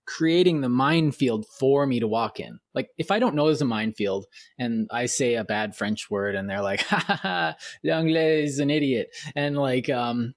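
A Canadian man in casual chat, telling animated stories, acting out quoted voices and laughing often. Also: mid-range voice, moderate pace, few pauses, no echo, studio quality.

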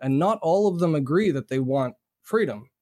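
A Canadian man in casual chat, explaining his point in a measured, reasoning way. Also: on the high side, lively intonation, darkish tone.

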